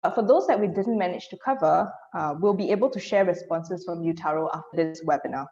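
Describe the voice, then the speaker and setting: A woman hosts a webinar and works through the housekeeping in an orderly way. Her voice is on the low side. The audio is dull, as over a video call. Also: a little fast, mellow. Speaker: webinar moderator. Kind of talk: hosting announcements.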